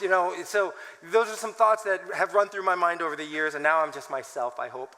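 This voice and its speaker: Brief: man in his forties, animated conference speaker, high bright voice, long hall reverb. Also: brisk, few pauses. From United States. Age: 40s. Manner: animated, self-mocking storytelling with laughs. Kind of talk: talk with scripture reading.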